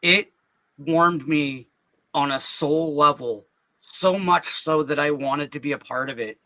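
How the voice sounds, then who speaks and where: Bright, earnest man telling his story. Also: on the high side, no echo, rough recording. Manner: earnest, halting, repeats words when emotional. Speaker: interview guest. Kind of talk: personal storytelling.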